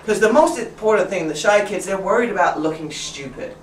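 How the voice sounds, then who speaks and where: A woman's voice: mid-range voice, animated, brisk. A woman training teachers in a casual workshop talk. She laughs often and mimics her pupils' voices as she explains. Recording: roomy sound from a distant mic, faint room noise.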